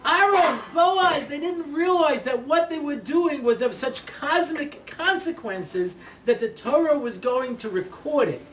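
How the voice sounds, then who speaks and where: Chatty high-voiced man lecturing in an echoey room. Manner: chatty, checks in with "yeah?" and "you know"; laughs at his own jokes. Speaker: speaker giving a Torah talk. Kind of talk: lecture with anecdotes and jokes. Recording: echoey room, mic far off, faint noise.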